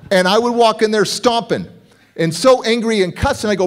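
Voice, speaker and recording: A middle-aged man with a higher-than-usual voice gives a humorous storytelling speech. He is animated and acts out the people in his story as he goes. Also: quick pace. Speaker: motivational speaker.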